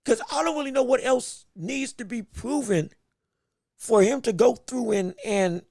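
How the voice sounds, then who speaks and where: A man with a very high, gravelly voice hosts a casual livestream show. He talks excitably and rambles, repeating words. The sound is dry and close. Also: a little slow, dry recording. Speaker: boxing podcast host.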